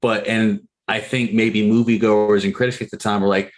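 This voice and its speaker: Low-voiced man rambling about movies. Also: moderate pace, few pauses. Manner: rambling, filler-heavy, animated. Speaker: podcast co-host. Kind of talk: casual chat about movies.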